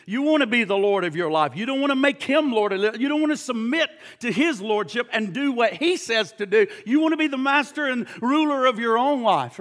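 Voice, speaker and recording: A man preaching a sermon, emphatic and pressing, stumbling over repeated words and firing rhetorical questions at his listeners. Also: very high-pitched. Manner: shouts at points.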